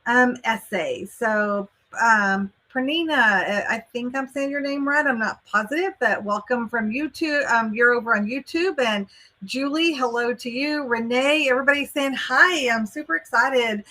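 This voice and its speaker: A chatty Texan woman leading a live online workshop, upbeat and friendly with viewers. Her voice sits a little high and rings bright and clear. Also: normal speed. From Texas. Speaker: college admissions coach hosting a livestream. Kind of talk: live webinar talk.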